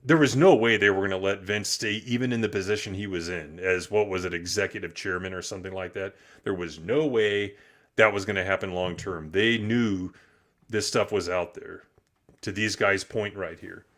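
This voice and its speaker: A man's voice: sits low, normal speed, fairly bright tone. A man hosting a loose, opinionated live-stream chat, swearing casually. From United States. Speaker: podcast host.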